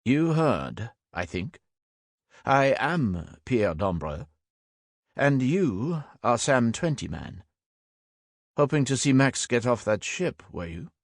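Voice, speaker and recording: A man voicing a wary, knowing middle-aged Frenchman who speaks slow, deliberate English with a French accent. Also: mid-range voice, sing-song, no room sound, studio quality, pitched above the performer's own voice, exaggerated voice.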